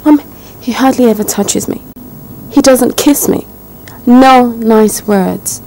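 A woman's voice: on the high side, slow pace, a little mellow, slight background noise, poor audio. An actress playing a young rich woman, indignantly complaining about her neglectful fiancé. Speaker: daughter, fiancée. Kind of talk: film drama dialogue.

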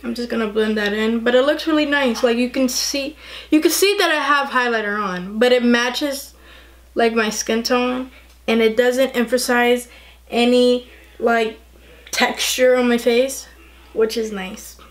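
A young woman chatting excitedly through a casual makeup tutorial, gushing over the products. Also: a little high, measured pace. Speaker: beauty vlogger.

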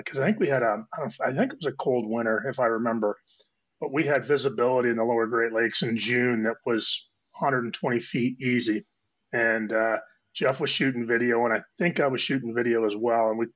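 A man with a cold, hoarse and chatting casually as a guest on a diving round table, rambling and restarting his phrases. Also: medium pitch, fairly bright tone. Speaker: guest technical diver. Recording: dull lo-fi audio.

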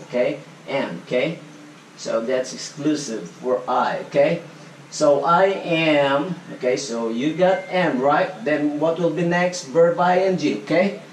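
A man teaching an English grammar lesson. He talks slowly and repeats himself, tags nearly every phrase with "okay?", and asks the class questions that he then answers himself. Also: a little high. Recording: echoey room, voice from far off, faint background noise.

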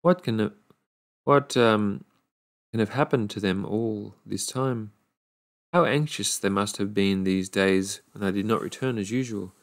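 A man's voice: on the low side, a little slow. A man voicing a dutiful, homesick young fisherman in a storybook reading, speaking earnestly and politely. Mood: anxious.

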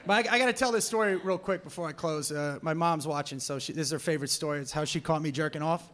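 A man's voice: on the high side, fast talker, a bit bright. A man performing a live stand-up set on a comedy club stage, brash and profane as he tells stories. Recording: noisy live club recording.

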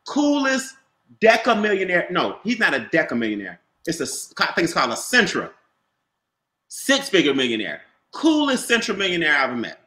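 A man giving an animated, repetitive motivational sales talk about a home business, calling on listeners by name. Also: on the high side, normal speed, reverberant. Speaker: business opportunity presenter.

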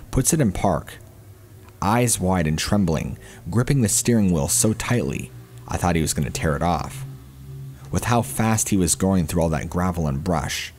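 A man narrating a first-person horror story in a steady storytelling manner. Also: low voice, slight background noise.

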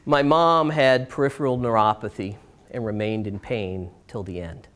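A middle-aged man giving a live storytelling performance, swinging between bright lifts and hushed, slowed moments, with dramatic pauses. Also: lowish voice. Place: stage in a small performance space.

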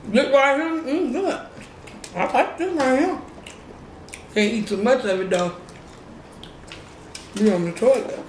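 A woman's voice: high-pitched, unhurried, long pauses. Playful woman eating on camera. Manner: playful, laughs often. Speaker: mukbang host. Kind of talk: casual eating chat. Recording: roomy with faint noise.

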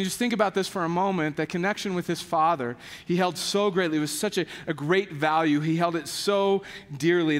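A man's voice: fairly high pitch, long reverb tail. A man preaching a sermon as pastor, telling stories in a casual way and acting out the people in them. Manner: animated storytelling with voiced quotes, many "like" fillers. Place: church sanctuary.

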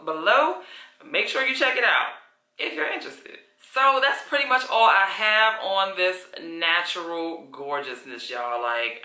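A woman gushes through a casual wig review, calling her viewers honey and y'all. Her voice is very bright and sharp. The room around her rings with echo. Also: fairly low pitch. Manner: chatty and effusive, calls viewers honey and y'all. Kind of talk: casual product review vlog. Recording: echoey room.

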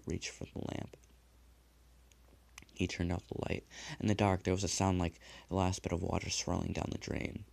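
A man narrating a dark horror story in a measured, hushed delivery. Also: sits low, flat delivery, vocal fry. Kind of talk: dramatic horror story reading.

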